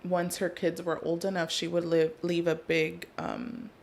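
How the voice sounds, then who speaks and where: A woman's voice: lowish voice, flat delivery, measured pace, gravelly, darkish tone, a little hiss or hum. A young woman as a podcast guest, telling personal stories in an open, conversational way. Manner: open, storytelling, emotional at times. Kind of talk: casual chat.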